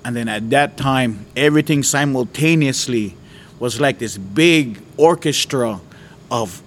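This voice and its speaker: A man's voice: mid-range voice, a little hiss or hum. A man from Hawaii, telling a personal faith testimony in an earnest, conversational way.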